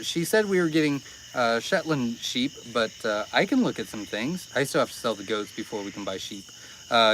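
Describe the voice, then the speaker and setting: A man's voice: mid-range voice, a bit bright, a little hiss or hum, poor audio. A man hosting a casual farm live stream, talking in a rambling, easily sidetracked way with lots of fillers. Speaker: farm livestream host.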